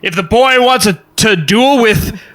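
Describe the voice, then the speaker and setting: Brief: man voicing a theatrical, effusive duel enthusiast; big and loud. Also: high voice, lively intonation, a little slow, pitched above the performer's own voice. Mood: exuberant. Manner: loud, grandiose, effusive praise.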